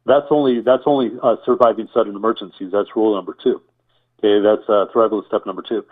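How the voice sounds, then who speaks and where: A man's voice: lowish voice, fairly even intonation, fast. A man guest in an interview explaining survival preparedness, listing items and repeating points, asking rhetorical questions. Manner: enumerating, repetitive, rhetorical questions. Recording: tinny phone-like line.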